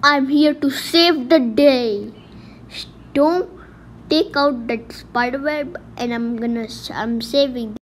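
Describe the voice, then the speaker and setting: A heroic rescuer announces himself plainly and with confidence, played by a woman. The voice is high and unhurried. Faint room noise runs underneath. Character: heroic male superhero rescuer.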